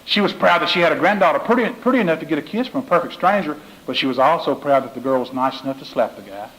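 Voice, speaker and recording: A man's voice: a little high, lively intonation, fast, fairly bright tone, low-quality recording. A man giving a motivational speech, telling folksy stories and repeating his key phrases. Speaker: motivational speaker.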